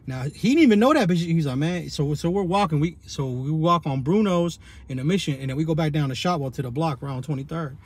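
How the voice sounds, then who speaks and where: A husky man rambles through a casual story. His voice sits a bit high for a man, and he packs it with slang, restarts and constant check-ins with the listener. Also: animated, fast, hardly any pauses. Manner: loose, rambling, slang-heavy, many restarts and tag questions.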